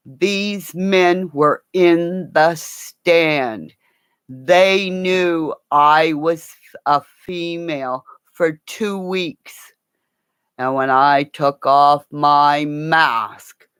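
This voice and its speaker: A woman's voice: sits low, clear, resonant tone, dry recording. A woman hosting a live stream, telling long rambling stories with swearing and frequent slips into mimicking other people's voices.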